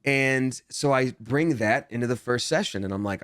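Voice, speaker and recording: A young man with a mid-pitched voice tells stories in a lively, animated way, often jumping up in pitch to act out what people said. The sound is close and dry, with no room echo. It is a relaxed interview chat. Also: moderate pace, hardly any pauses. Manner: animated storyteller, acts out quotes, jumps in pitch. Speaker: guest, voice actor.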